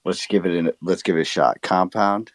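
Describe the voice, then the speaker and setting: A relaxed man mumbling his way through a casual chat. His voice is very deep and dry, with no room around it. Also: normal speed, dry recording. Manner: mumbling, laid-back.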